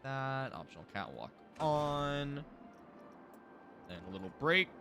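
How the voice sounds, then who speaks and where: A man's voice: mid-range voice, big pitch swings, slow pace, music in the background. A young man streaming a building game, casually thinking aloud and mumbling to himself as he works. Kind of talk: casual live gameplay commentary.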